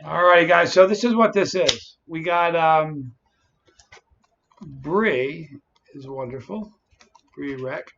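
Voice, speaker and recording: A man's voice: on the high side, takes it slowly, creaky, pauses often, fairly bright tone, lo-fi sound, a little hiss or hum. A man hosting a casual livestream, chatting and greeting viewers by name. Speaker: livestream host.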